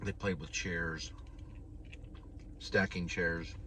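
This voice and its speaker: Brief: deep-voiced male delivery driver, rambling mid-meal, heard through a distant camera mic with a noisy car behind him. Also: steady tone, extremely slow, sharp tone. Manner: rambling, talks while chewing. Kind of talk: casual eating vlog.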